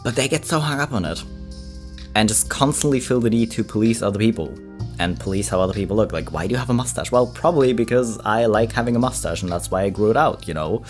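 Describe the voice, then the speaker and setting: A host giving casual commentary on reaction clips, rambling with many filler words. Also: male voice, fairly low pitch, fast talker, soft background music.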